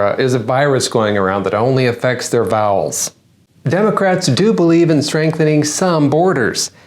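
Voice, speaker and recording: A man delivers a satirical news monologue in a middle-pitched voice. He lands sarcastic punchlines one after another, like a stand-up comic running through the day's headlines. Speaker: comedian hosting a news-parody segment.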